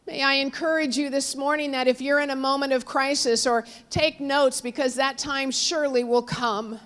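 A woman preaching a sermon, telling a story with sudden swings between raised cries and hushed, low passages. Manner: storytelling, dramatic swings from loud cries to hushed near-whispers; quotes figures in raised voices, drops low and soft on God.

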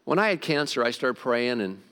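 A man's voice: mid-range voice, sing-song, a little fast, a bit bright, smooth. A male pastor delivering a conversational, emphatic sermon with asides to his congregation. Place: church hall. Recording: long reverb of a large hall.

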